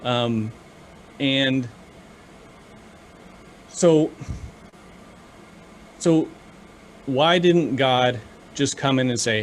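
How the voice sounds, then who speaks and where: Man, earnest, halting, faint background hiss, casual chat. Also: medium pitch. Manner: earnest, halting with many restarts. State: choked up with emotion. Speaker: podcast co-host. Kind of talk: casual theological discussion.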